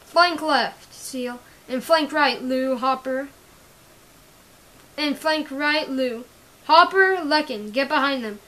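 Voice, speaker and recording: A woman's voice: sits high, takes it slowly, sharp tone, exaggerated voice. A woman voicing a male army general who barks orders at his squad. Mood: commanding. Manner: barking orders.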